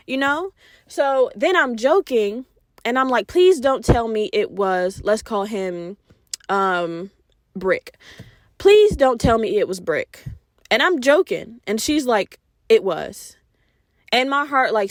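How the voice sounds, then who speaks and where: Young woman podcast host, casual and profane storyteller, higher voice, dry close-miked. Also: dry recording. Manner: candid, profane, animated quoting of friends.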